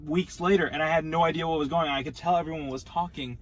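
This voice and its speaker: A young man telling a small story in a mild, low-key way during casual chat. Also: fairly even intonation, fast talker, far from the mic. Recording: loud hiss behind the voice.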